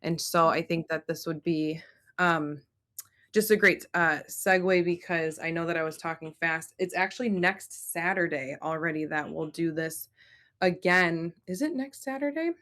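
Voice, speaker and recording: A woman leads a spiritual group chat over a video call. She talks in an earnest, flowing, reflective way. Her voice sits a little low, yet it comes out bright and forceful. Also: normal speed. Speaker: host and channeler.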